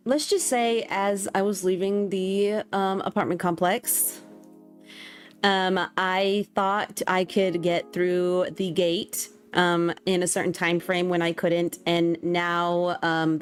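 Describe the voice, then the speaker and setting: A young woman streaming a game, chatting casually with her viewers in a self-mocking, giggly way, full of ums. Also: medium pitch. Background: faint music.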